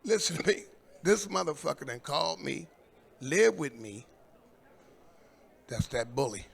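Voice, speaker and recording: An older man from Indianapolis doing a stand-up comedy set, telling long profane stories and shouting out the lines of the people in them. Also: fairly high pitch, very animated, measured pace, creaky, breathy edge. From Indianapolis, USA. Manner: profane, rambling storytelling with shouted quoted voices. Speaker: stand-up comic. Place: live comedy stage.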